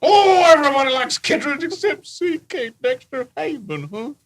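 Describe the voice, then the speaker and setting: A woman reading the part of a tipsy, flirty male newspaper reporter at a script table read, with a slurring, drawn-out delivery. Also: sits high, expressive, soft background music.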